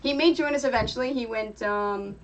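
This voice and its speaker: A woman's voice: a little high, fairly quick. A young woman hosting a casual crafting livestream, chatting in a rambling way. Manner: chatty and rambling, breaks off to hush her pets. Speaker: streamer host. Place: home craft room. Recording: distant mic with steady background noise.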